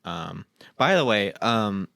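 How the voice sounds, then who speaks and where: A young man co-hosting a podcast, chatting casually in an animated, rambling way with frequent laughs. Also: fairly low pitch, takes it slowly, gravelly, no room sound, clean studio sound. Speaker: podcast co-host. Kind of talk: casual chat.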